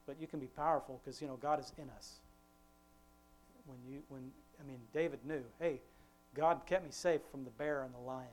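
With a steady, darkish mid-range voice, a father leads his family in a casual devotion, rambling and restarting, and slowing to quote scripture with weight.

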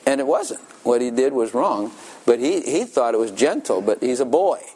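A man's voice: medium pitch, big pitch swings, moderate pace, a little mellow, breathy edge. An older man preaching a sermon in a folksy storytelling manner, chuckling often.

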